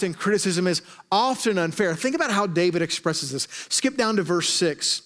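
A man's voice: high-pitched, fairly quick, hardly any pauses, fairly bright tone. A man pastor preaching a sermon in a conversational style, with joking asides to the congregation. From Arkansas.

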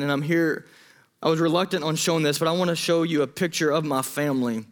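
A man with a fairly high voice delivers a sermon. He speaks in an earnest, emotional and pleading way, and he often breaks off and restarts his sentences. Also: steady tone, fast. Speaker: pastor.

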